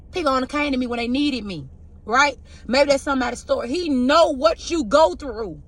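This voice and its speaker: A woman's voice: sits high, a bit bright. A woman reading tarot who gives a heartfelt, preachy spiritual pep talk to her viewers, talking about her own hurts and often asking if they get what she is saying. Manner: heartfelt and confessional. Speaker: tarot reader giving spiritual messages.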